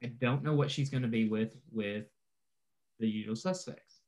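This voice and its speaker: A man's voice: medium pitch, normal speed, darkish tone. A man co-hosting a casual podcast, thinking aloud with hesitant restarts. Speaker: podcast co-host. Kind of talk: casual chat.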